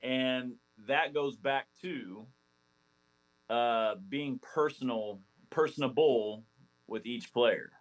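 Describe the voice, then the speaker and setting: A man in his forties, a former ballplayer guesting on a podcast, telling stories in a rambling, animated way with many restarts. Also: mid-range voice, takes it slowly, rough recording. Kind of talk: casual storytelling interview.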